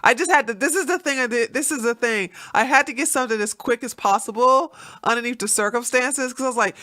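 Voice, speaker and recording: A woman with a congested, allergy-stuffed nose talks to her stream audience in a loose, wandering way. Her voice is bright and pushed forward, and she breaks into easy laughter as she goes. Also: fairly high pitch, moderate pace. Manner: rambling, chatty, laughs often. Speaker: livestream host. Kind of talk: casual livestream chat.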